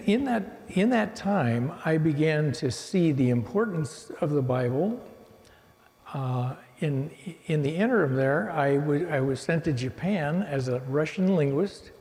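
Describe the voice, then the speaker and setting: Older man, church testimony, storytelling, slightly high voice, long hall reverb. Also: dark tone. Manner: rambling, many restarts, storytelling. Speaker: guest speaker giving testimony. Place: church sanctuary.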